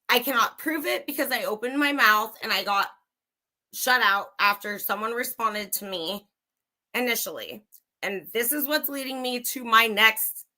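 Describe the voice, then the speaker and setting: A woman's voice: fairly high pitch, pushed and bright. A young woman livestreaming true crime commentary, angry, sarcastic and swearing freely as she reads and reacts. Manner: profane, sarcastic, heated.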